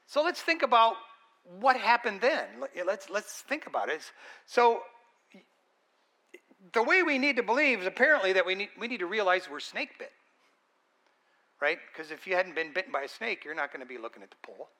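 Guy preaching a sermon, high voice, kinda tense and bright, earnest and chatty. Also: animated, fairly quick, long pauses. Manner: conversational, earnest, emphatic.

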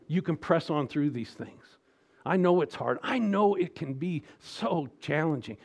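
A middle-aged male pastor delivering a sermon, moving between hushed, almost whispered reassurance and loud, emphatic exhortation. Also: fairly high pitch, lively intonation, unhurried.

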